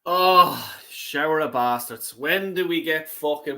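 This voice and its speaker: Bright-voiced man hosting a fan show; sweary, fed up, pleading for a break. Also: a little high, animated, unhurried, hardly any pauses. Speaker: fan channel host. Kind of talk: angry football fan reaction.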